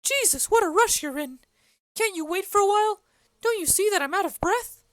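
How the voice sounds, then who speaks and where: Woman doing a very high, grumbling old nurse. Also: animated, fairly quick, dry recording. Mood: complaining. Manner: grumbling about aches, bossy and teasing. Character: fussy old female nurse, teasing and complaining. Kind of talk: amateur play reading.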